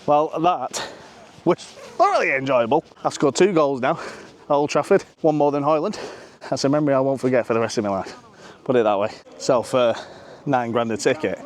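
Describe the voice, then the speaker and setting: Man, casual vlogger, crude jokes and swearing, winded, mid-pitched, filmed outdoors. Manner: jokey, crude banter, swears freely. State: out of breath. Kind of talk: casual chat to camera. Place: outdoors at a football stadium.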